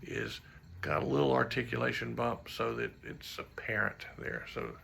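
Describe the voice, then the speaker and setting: Coaching trombone audition pieces, this teacher speaks in an animated, bright, forceful voice that is deeply gravelly and rough-edged, at a moderate pace with a little hiss or hum. He sings rhythms to demonstrate articulation, discusses flaws in his own playing, and jokes now and then.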